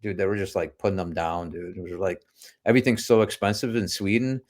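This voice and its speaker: A man's voice: low voice, fairly even intonation, a little fast, a little mellow. A man guesting on a podcast, chatting casually about touring, swearing a lot and saying "dude" often. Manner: laid-back, heavy swearing, lots of "dude" and "man". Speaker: podcast guest, metal musician. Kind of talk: casual chat.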